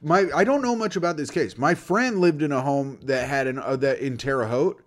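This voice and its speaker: A man's voice: fairly high pitch, normal speed. A young man co-hosting a podcast in casual chat, rambling and teasing, with profanity. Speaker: podcast co-host.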